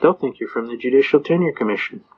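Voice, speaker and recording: An older man lecturing in a rambling, folksy storytelling way, often pausing with "uh". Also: mid-range voice, lively intonation, slightly rough. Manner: rambling, folksy, with frequent "uh" fillers. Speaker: lecturer on citizens' rights. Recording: dull lo-fi recording.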